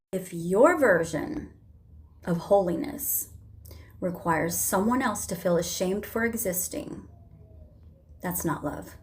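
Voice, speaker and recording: A woman's voice: fairly high pitch, darkish tone. A woman vlogger giving impassioned spoken commentary, emphatic and driving points home with sermon-like repetition.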